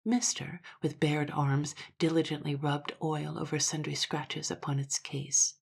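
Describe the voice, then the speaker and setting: A woman narrating a classic story in a measured voice that sometimes drops to a hush. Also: deep voice, little pitch movement, creaky, breathy edge.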